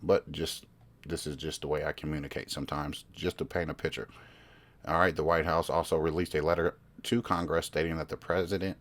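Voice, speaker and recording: Podcast host, male, very low voice; casual, rambling news commentary that keeps breaking off to search the page. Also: fairly even intonation, a little fast. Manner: rambling, self-interrupting, reads articles aloud.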